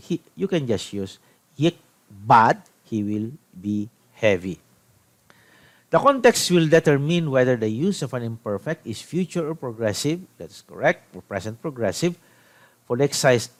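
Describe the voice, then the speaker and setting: A middle-aged Filipino-accented man gives a recorded language lecture at a very unhurried pace. His voice sits at an ordinary pitch for a man. He stops often to restart a phrase as he explains. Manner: slow, halting explanations with many restarts. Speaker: teacher of biblical Hebrew.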